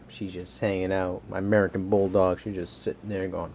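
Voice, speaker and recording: A man's voice: low-pitched, level tone, normal speed, a little mellow, slight background noise. A man hosting a casual home cooking vlog from his kitchen, rambling and joking as he cooks and chats to his dog.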